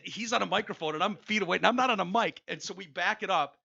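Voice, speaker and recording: A man's voice: sits high, fast talker, vocal fry, husky, muffled recording. A man hosting a podcast, telling stories in casual chat and swearing freely. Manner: swears freely, animated storytelling. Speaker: radio host.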